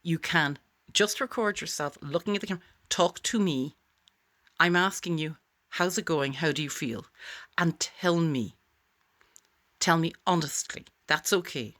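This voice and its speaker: A woman explains a voice exercise straight to camera in a chatty, encouraging tone. Her voice sits a little low, but her pitch swoops up and down a great deal. She sounds like a warm coach rooting for her students. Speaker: author teaching voice exercises. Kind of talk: direct-to-camera tutorial.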